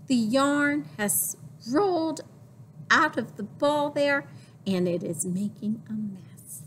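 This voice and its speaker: A woman librarian leading a baby storytime, singing rhymes and reading a picture book in an exaggerated, playful voice with sudden high squeals. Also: animated, fairly bright tone, slight background noise. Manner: slow, drawn-out and sing-song. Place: public library.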